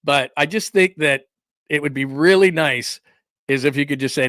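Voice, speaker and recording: A sports talk host runs a solo livestream, ranting in a slightly high, somewhat bright voice with quick asides and laughs. He reads and answers the live chat, pausing to greet viewers. The sound is close and dry, without room echo.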